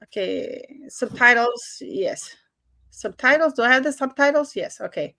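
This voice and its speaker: A woman's voice: fairly high pitch, lively intonation, a little slow, vocal fry, sharp tone, no room sound, studio quality. A woman hosting a casual live stream over a video call, chatty and repetitive, fumbling with her screen-sharing as she talks. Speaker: livestream host.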